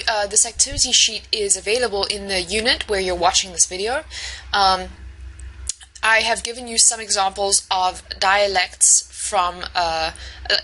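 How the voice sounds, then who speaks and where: A woman's voice: mid-range voice, pushed and bright, poor audio. A woman instructor giving a recorded online lecture, explaining step by step with frequent ums and restarts. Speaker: university instructor.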